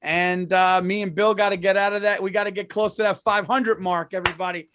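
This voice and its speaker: A man's voice: sits high, steady tone, fairly quick, background noise. A man co-hosting a podcast, in loose, profane, laughing banter. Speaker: podcast co-host. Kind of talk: casual podcast chat.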